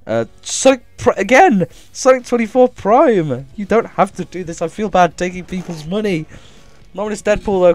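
His voice runs a little high as he livestreams a game, excitedly reading chat and thanking his viewers. Now and then he coughs, sounding as if he's ill.

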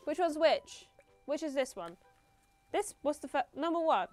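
Girl streaming a game, bit high, giggly and rambly, quiet music behind. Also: lively intonation, normal speed. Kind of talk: live game commentary, chatting with viewers.

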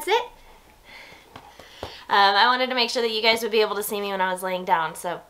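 A woman lying down at home and talking to a nearby camera in a casual vlog. She explains each step calmly and keeps breaking off to praise her dog softly. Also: medium pitch, brisk, pauses often, a little hiss or hum. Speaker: vlogger filming her service dog. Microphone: camera set low nearby.

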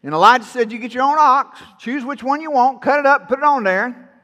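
A man's voice: very high voice, a little fast, pushed and bright, in a large hall, dull audio. A man preaching a sermon to his congregation, folksy and playful, teasing the people in the pews. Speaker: pastor. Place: church sanctuary.

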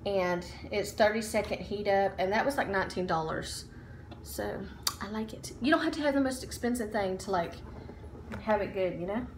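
A woman vlogger with a mid-range voice chats casually at a moderate pace in a home haul video, upbeat and full of ums and likes. She's standing and out of breath. The room at home is echoey, with a little hiss or hum.

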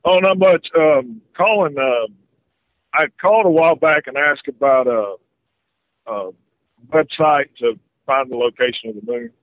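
A man from North Carolina calls in over a thin, tinny, dry phone line. His slightly raised voice wanders through his story with lots of ums and pauses. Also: on the high side, dry recording. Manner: rambling, hesitant, many fillers. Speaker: caller. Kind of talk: phone call-in conversation.

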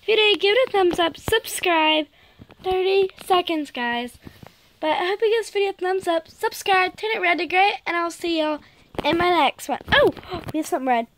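A woman chatting excitedly to her viewers while commenting on her gameplay. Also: very high-pitched, moderate pace, a little hiss or hum, rough recording. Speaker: gaming YouTuber.

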